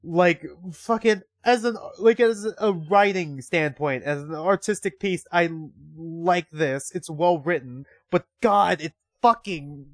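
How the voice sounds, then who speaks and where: A man's voice: fairly high pitch, slow, few pauses, dry recording. A young man streaming a story game, reading the text aloud and reacting with emotional, profane outbursts. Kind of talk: game livestream with reactions and read-aloud narration.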